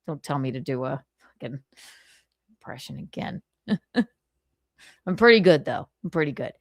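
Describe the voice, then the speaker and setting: Slow, giggly woman host with a lively voice, dry close sound. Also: low voice, no room sound. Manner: giggly, teasing, drawls. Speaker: livestream host. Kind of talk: casual livestream chat.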